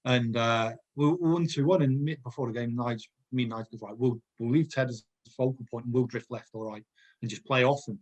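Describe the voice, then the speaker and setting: A man in his fifties tells his old football stories at a relaxed, rambling pace. His voice is husky and a little rough. He keeps wandering off into side stories and laughs as he goes. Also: mid-range voice, fast, dull audio. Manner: rambling anecdotes, digresses, laughs often. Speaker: former footballer guest. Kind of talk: casual storytelling chat.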